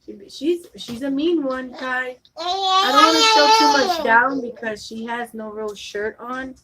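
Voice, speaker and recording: A woman's voice: high-pitched, a little slow, heavy background noise. A woman vlogging at home, talking to her baby in a coaxing voice and chatting with viewers. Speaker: vlogger and mother. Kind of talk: casual home vlog chat.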